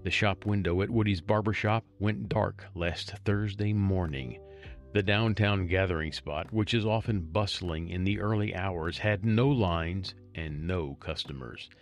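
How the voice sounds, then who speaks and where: Guy with a lowish voice reading out a small-town news story, joking asides, soft music under it. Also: measured pace. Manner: wry, chatty asides. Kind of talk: reading a local news story aloud with commentary.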